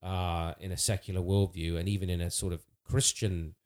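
A man with a fairly low voice speaks earnestly in a relaxed theological conversation. He restarts phrases and uses fillers as he thinks aloud. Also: moderate pace.

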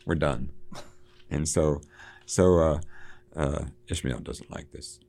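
A man with a very low, gravelly voice talks casually about a novel. He slips into quoted passages with extra lift and emphasis, and chuckles between points. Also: slow pace, dark tone. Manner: reads quoted passages with lifted pitch and emphasis, laughs often. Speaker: book discussion co-host. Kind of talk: casual book discussion, reading passages aloud.

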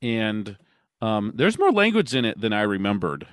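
A man with a fairly low voice talks earnestly in casual podcast chat. He uses many fillers like "you know." The sound is dry and close. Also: very animated, moderate pace, clean tone, no room sound. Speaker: podcast co-host.

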